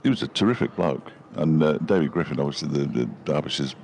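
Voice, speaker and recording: A man's voice: very deep voice, animated, quick pace, darkish tone. A man co-commentating live on cricket, with dry, wry asides, from a windy gazebo at the ground.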